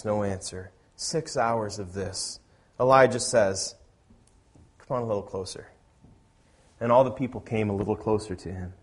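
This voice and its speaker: Animated male pastor preaching a sermon. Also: mid-range voice. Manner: animated storytelling, swinging from quiet asides to loud emphatic declarations.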